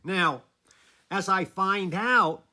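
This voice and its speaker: Guy, animated storyteller, bright forceful voice a bit high, chuckles between lines. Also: extremely slow. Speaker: former teacher telling a story. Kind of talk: casual spoken storytelling.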